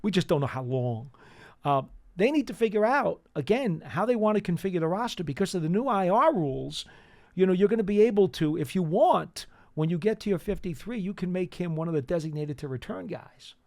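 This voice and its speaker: A man co-hosts a casual sports talk show, talking things through conversationally. His voice sits a bit high and the studio sound is dry and close. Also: animated, a little mellow, dry recording. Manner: conversational, agreeable, lots of quick affirmations. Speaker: co-host.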